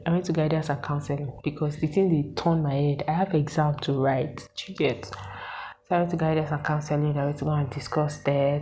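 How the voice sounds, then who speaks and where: A Nigerian woman in her twenties, telling a story to her viewers in an animated, exasperated way and asking them questions. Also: sits low, rough recording. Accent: Nigerian English with Pidgin words. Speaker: vlogger. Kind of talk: casual storytelling to camera.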